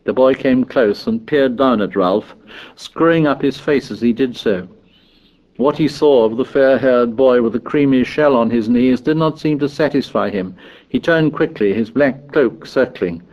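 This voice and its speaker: A man narrating a novel in a measured, even storytelling voice. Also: mid-range voice, dull audio. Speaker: audiobook narrator.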